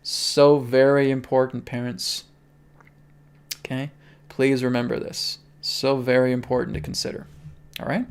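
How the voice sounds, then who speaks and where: Male spiritual host with a gravelly voice, earnest and pleading on a livestream. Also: mid-range voice, little pitch movement, a little slow, long pauses. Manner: earnest, pleading, keeps checking in with "okay?".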